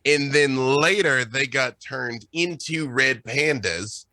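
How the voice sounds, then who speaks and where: Man, guest game master, casual chat, animated storytelling, playful, bright voice, dry sound. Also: medium pitch, no echo. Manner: animated and playful, quick bursts with laughs.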